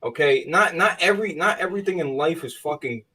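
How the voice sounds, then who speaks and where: A man's voice: fairly high pitch, expressive, brisk, bright, forceful tone, slightly rough, far from the mic. A man hosting a casual gaming podcast, talking bluntly and emphatically with plenty of swearing. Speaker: podcast host.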